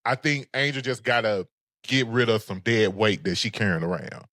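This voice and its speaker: A man co-hosting a casual recap show, talking in a sassy, animated way. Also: on the low side, moderate pace, no echo, studio quality. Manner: sassy, animated, sings phrases. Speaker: podcast co-host.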